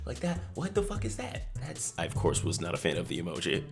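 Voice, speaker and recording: Sarcastic male vlogger, deadpan comedy commentary, very deep voice, music behind. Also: fairly quick, few pauses. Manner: sarcastic, deadpan, drifts into mock-dramatic whispers. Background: background music.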